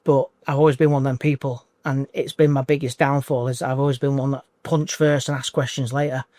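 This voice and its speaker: A man in his forties in an emotional interview as a coaching client, talking in halting bursts that repeat and restart. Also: medium pitch, flat delivery, a little mellow, no room sound. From United Kingdom. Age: 40s.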